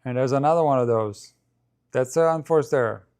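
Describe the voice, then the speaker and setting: A man's voice: medium pitch, normal speed, a little mellow, clear, resonant tone. Man chatting through live match commentary. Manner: chatty, thinks aloud, addresses viewers.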